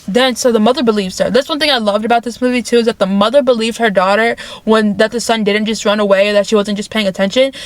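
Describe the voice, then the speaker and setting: A woman vlogger with a somewhat high voice, talking through a movie plot in loose, chatty fashion. She repeats phrases and leans on filler words. The sound is dry and close. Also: dry recording. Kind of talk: casual movie recap.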